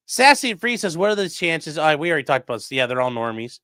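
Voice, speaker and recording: Lively bright-voiced man streaming. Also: a little high, fast, few pauses, dry recording, clean studio sound. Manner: loose, profane, conversational. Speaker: defense attorney streamer. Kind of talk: casual livestream commentary reading chat.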